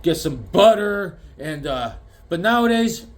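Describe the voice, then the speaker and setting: A man's voice: sits high, sing-song, a little slow, pitched above the performer's own voice. A man putting on the voice of his father, an old-timer reminiscing about the good old days. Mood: nostalgic. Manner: nostalgic, storytelling.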